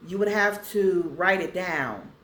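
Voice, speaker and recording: A woman vlogger casually talking to viewers and slowly reading affirmations aloud so they can write them down. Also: lowish voice, a bit bright, echoey room. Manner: slow, deliberate reading for viewers to copy.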